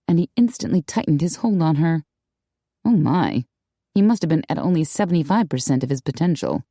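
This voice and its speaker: A woman reading a romance audiobook in a measured, unhurried way with wry asides. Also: deep voice, mellow, no echo, clean studio sound. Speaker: audiobook narrator. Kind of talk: scripted narration.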